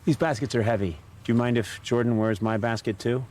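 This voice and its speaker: A man's voice: medium pitch, steady tone, brisk, darkish tone. A man hosting a comic travel show, playful and jokey with the people he meets. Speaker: travel comedy host.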